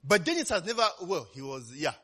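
A man preaching in a conversational, animated way, often tagging lines with "eh?". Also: fairly high pitch, brisk. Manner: conversational, keeps asking "eh?" and "you know". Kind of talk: sermon.

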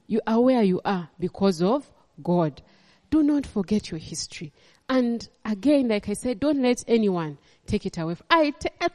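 A woman's voice: medium pitch, darkish tone, in a large hall. A woman pastor with a Ugandan accent preaching a sermon, emphatic and repeating her phrases.

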